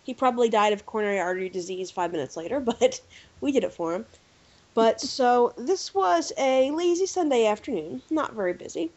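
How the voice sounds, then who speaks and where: A woman from the United States hosting a podcast, telling a story in a casual, animated way with lots of fillers. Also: fairly high pitch, a little fast. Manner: animated storyteller, lively filler-heavy delivery. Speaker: podcast host. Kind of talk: casual chat, anecdote telling. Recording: dull lo-fi podcast audio.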